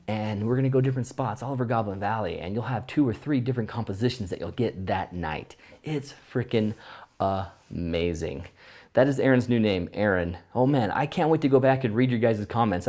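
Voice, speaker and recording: A man's voice: fairly low pitch, lively intonation, normal speed, warm tone. Upbeat man teaching on a live stream. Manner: enthusiastic, thinking aloud, reading viewer comments. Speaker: photography instructor. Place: home studio, indoors.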